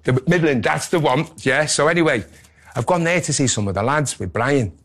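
A middle-aged man, a former boxer telling animated anecdotes in a casual interview. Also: on the high side, normal speed. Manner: animated anecdotes, quotes people in character voices.

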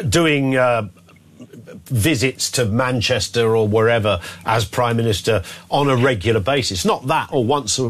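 A man's voice: mid-range voice, husky. A man hosting a radio phone-in, reading out listener messages and giving his opinions in a conversational way.

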